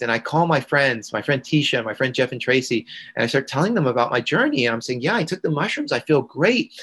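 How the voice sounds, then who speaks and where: A man, a podcast guest, telling a long personal story in an earnest, halting way with fillers and restarts. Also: medium pitch, a bit bright, rough recording. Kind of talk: storytelling in a conversation.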